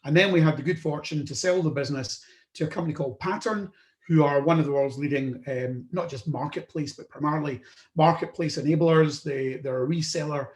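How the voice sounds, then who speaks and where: A British man with a fairly high voice, speaking a little fast, hosts a podcast and recounts his own career loosely and conversationally, full of fillers and restarts. The room has a roomy echo.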